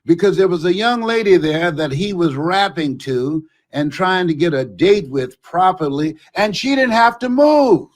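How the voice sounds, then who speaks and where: Animated, high-voiced motivational speaker man. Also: measured pace, few pauses. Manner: animated storytelling, shouting for emphasis. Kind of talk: motivational talk with anecdotes.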